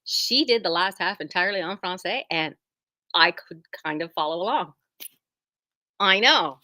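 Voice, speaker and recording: A woman's voice: lowish voice, animated, normal speed, noisy background. A woman who runs a quilt shop, showing off new fabrics in a chatty, rambling, self-deprecating way from inside her shop. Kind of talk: casual product showcase.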